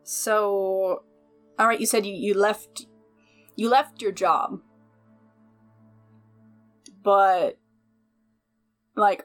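Hedging woman reasoning in a role-play. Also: medium pitch. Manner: hedging, filler-heavy reasoning. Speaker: tabletop game player.

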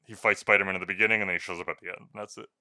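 A man's voice: low-pitched, flat delivery, very fast, sharp tone, no room sound, clean studio sound. A man in his thirties chatting casually about movies, laid-back, swearing freely and laughing often. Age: 30s. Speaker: podcast co-host.

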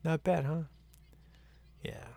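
A man's voice: a little high, steady tone, takes it slowly, vocal fry, warm tone, no room sound. A man in casual, rambling chat as he watches a film at home, laughing often. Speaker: movie commentary viewer.

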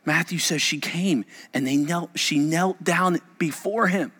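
A male pastor preaching a sermon, emphatic and repetitive, swinging between loud and hushed delivery. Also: on the high side, unhurried, husky. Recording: echoey church hall reverb.

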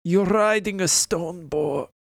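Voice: mid-range voice, slow pace, creaky, no room sound, clean studio sound. A game master running a tabletop session, wry and teasing with the players.

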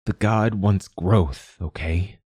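A man's voice: deep voice, slow pace, darkish tone, husky, dry recording, full character voice. A man voicing a stubborn, exasperated young refugee woman who protests bluntly.

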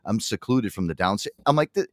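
A man hosting a live show from his home studio, telling a long story in a profane, animated way. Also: lowish voice, a little fast, no echo. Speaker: radio show host. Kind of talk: casual live radio banter.

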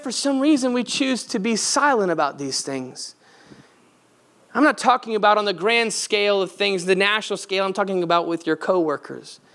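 Male pastor, very high voice, earnest conversational sermon delivery. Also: fairly bright tone. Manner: earnest, conversational preaching with direct questions to the audience.

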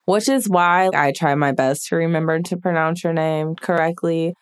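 A woman, a podcast guest, telling personal stories in a casual, chatty way, often filling pauses with "like.". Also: low-pitched, clean tone. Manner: chatty, frequent "like" fillers. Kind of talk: casual conversational storytelling.

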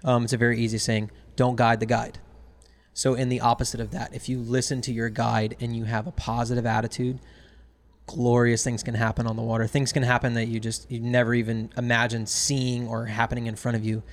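Fishing guide telling a lively story. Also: male voice, fairly quick. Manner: acts out quotes with big jumps up in pitch. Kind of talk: animated storytelling in casual chat.

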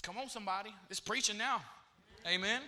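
High bright-voiced man preaching. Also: a little fast. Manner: repeats phrases, calls out to the congregation. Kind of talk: sermon. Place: church hall with congregation.

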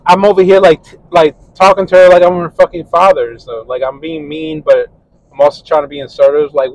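A man's voice: a little high, steady tone, brisk, dry recording, dull audio. A man hosting a casual podcast monologue, telling a story in a rambling, profane way. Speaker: podcast host.

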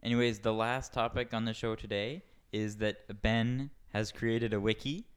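A man with a smooth, clear voice hosts a casual podcast with friends. He moves through the topics with a wry touch. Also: on the low side, steady tone, moderate pace. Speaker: podcast host.

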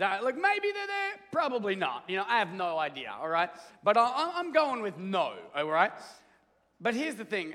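A man's voice: high voice, sharp tone. A man preaching a sermon in a casual, joking, conversational way, telling a story to a church. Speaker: pastor. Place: church hall. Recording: echoey church hall.

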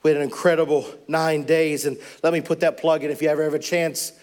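High-voiced man preaching with fervent storytelling. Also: little pitch movement, quick pace, darkish tone. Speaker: missionary preacher. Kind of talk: sermon.

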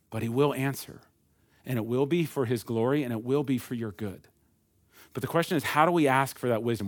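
A pastor with a medium-pitched voice preaches conversationally, posing rhetorical questions to the congregation and acting out people's voices in asides. The recording is dry and studio quality.

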